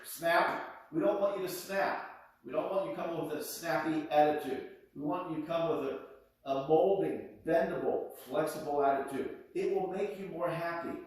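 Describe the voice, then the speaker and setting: Brief: male PE teacher, upbeat and preachy, slightly high voice, recorded from afar in a booming gym. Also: normal speed, darkish tone. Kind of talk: addressing students in a video. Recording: echoey gym, distant mic.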